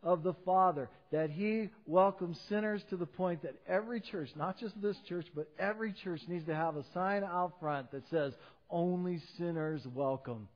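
A middle-aged man pastor preaching a sermon, swinging between loud emphatic peaks and low quiet drops. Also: moderate pace, few pauses. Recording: dull sound with long hall reverb.

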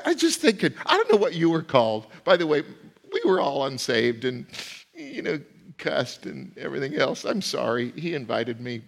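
A middle-aged man preaching a sermon, swinging between loud rising questions and low, quiet asides. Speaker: pastor. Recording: long hall reverb.

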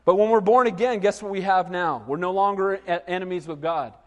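High-pitched middle-aged guy preaching, chatty storyteller, big echoey church sound. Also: a little fast. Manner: animated storytelling with asides to the congregation. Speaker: pastor. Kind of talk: sermon.

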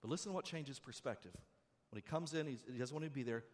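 A middle-aged male pastor preaching a sermon, animated and conversational, swinging from loud, quick bursts to low, hushed stretches.

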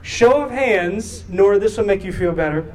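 A man's voice: sits high, moderate pace. A man in his thirties, a pastor preaching a sermon and telling a family story, acting out the voices in it. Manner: animated, acts out voices in his stories. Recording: distant mic with faint room noise.

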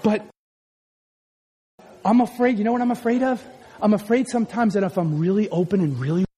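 A man preaching a sermon with passion, often shouting and asking his congregation questions. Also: sits high, fairly even intonation, fairly quick, husky. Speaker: pastor.

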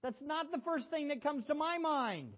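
High-voiced pastor preaching, loud then hushed. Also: male voice, lively intonation, normal speed. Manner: swings from loud exhortation to hushed emotion; asks the congregation questions. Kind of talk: sermon. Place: church.

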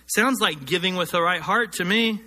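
A preaching man with a high, very bright and forceful voice. He delivers his sermon earnestly, slowing down and lifting his pitch to drive home each scripture. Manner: earnest preaching, slows and rises to stress scripture. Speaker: pastor.

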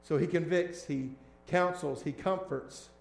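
A man preaching as a pastor, shifting between hushed, tender lines and loud, emphatic ones. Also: on the high side, a little slow, creaky, reverberant. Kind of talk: sermon.

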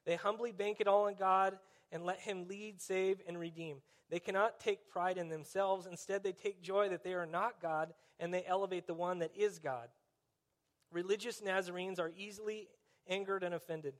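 A man preaching a conversational sermon, dropping in wry, sarcastic asides. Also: sits high.

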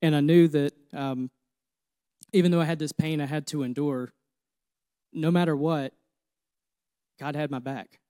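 A man in his thirties delivers a heartfelt sermon from the pulpit. His voice sits a little high for a man and the sound is dry and close, with no room echo. He talks through his own struggles, repeating phrases as he builds. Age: 30s. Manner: personal testimony, grows emotional and louder. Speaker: pastor. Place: church.

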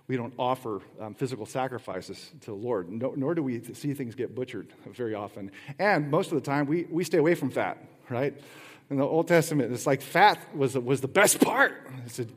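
A man's voice: mid-range voice, lively intonation, moderate pace. A middle-aged man preaching a sermon in a conversational way, with rhetorical questions and playful asides. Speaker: pastor. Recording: long hall reverb.

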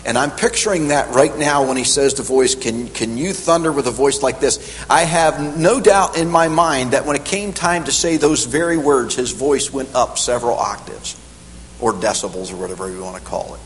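A middle-aged man preaching a sermon in a church hall, emphatic and animated, climbing higher on the key points. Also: moderate pace. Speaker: pastor. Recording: echoey hall with faint hum.

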